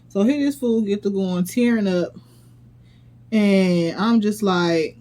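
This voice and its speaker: A woman recaps a reality show in a casual, sassy and blunt way. She sounds incredulous and freely drops profanity. Her voice sits at an ordinary middle pitch. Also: slow, mellow. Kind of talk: casual commentary vlog.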